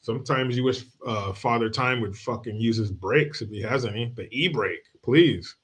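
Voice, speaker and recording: A male streamer talking loosely to his live audience, mid-pitched and conversational. He spins a home anecdote in a rambling, joking way, swearing freely and breaking into laughs as he goes. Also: moderate pace, fairly bright tone. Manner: profane, joking storyteller; laughs often while telling stories. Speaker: streamer and show host. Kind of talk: casual livestream chat.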